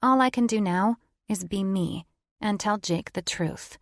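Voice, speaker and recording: In an unhurried, medium-pitched voice, a woman reads a first-person romance audiobook, giving the inner monologue a wry, conversational feel. It's recorded in studio quality with no echo.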